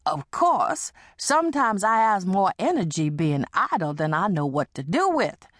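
A woman's voice: medium pitch, sing-song, measured pace, no echo, clean studio sound, pitched below the performer's own voice. A woman reading an audiobook and voicing a brash, hard-drinking woman who teases and schemes. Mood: teasing. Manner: teasing, bawdy, persuasive.

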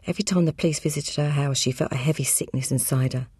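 A woman reading an audiobook crime novel aloud, brisk and matter-of-fact. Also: deep voice, a little mellow, breathy edge, no room sound, clean studio sound. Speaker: audiobook narrator. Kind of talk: scripted narration.

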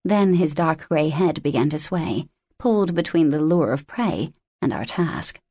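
A woman narrating a fantasy audiobook in a measured, expressive storytelling voice, recorded in a studio. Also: low voice, breathy edge, dry recording. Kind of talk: scripted narration.

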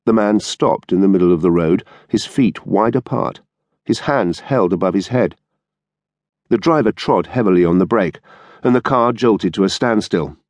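A man narrating an audiobook in a measured, steady storytelling manner. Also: lowish voice, no room sound. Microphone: studio microphone.

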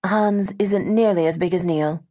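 A woman's voice: fairly low pitch, measured pace, warm tone, voice pushed up. A woman voicing a sheltered, earnest young British woman in an audiobook.

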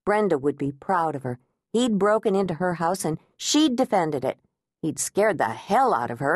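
A woman narrating an audiobook with wry, even storytelling. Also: fairly low pitch, moderate pace, no room sound. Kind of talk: scripted narration. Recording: dry close studio sound.

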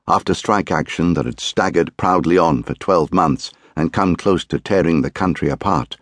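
A man reads a crime novel aloud in a measured, grave, deliberate way. His voice is very deep and the recording is close and dry, with no room sound. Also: no echo. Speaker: audiobook narrator. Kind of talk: scripted narration.

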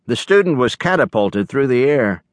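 A man narrates an audiobook in a measured, storytelling manner at an ordinary mid pitch. He is recorded close on a studio mic, and the sound is very dry. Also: sing-song, dry recording. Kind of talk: scripted narration.

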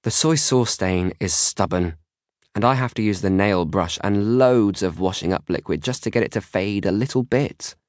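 A man narrating a children's audiobook in a steady storytelling reading, recorded close on a studio microphone. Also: on the low side, moderate pace, no room sound. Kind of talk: scripted narration.

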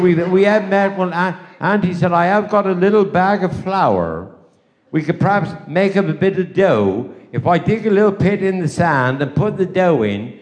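Older West Country comic spinning bawdy yarns. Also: male voice, sits high, a little mellow, highs cut off. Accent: West Country English. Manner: rambling bawdy yarn-spinning with repeated "I said, she said". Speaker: stand-up comedian. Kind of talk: live stand-up storytelling. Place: live stage show.

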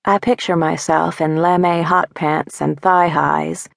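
Slow, wry woman reading a story. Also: low voice, level tone, vocal fry, dry recording, clean studio sound. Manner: measured, wry, intimate reading. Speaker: audiobook narrator. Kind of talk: scripted first-person narration. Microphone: close studio mic.

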